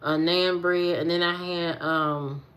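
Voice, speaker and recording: A woman's voice: on the low side, fairly even intonation, takes it slowly, a bit bright. A woman vlogger in casual chat with her viewers, teasing them and repeating phrases for emphasis.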